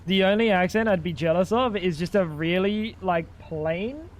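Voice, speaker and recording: A young man with a fairly high voice, chatting loosely while he plays a game on a livestream. He jokes, teases, and riffs back at his viewers in a relaxed, casual way. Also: moderate pace. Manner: joking, chatty, talks back to chat. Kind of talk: casual gaming stream chat.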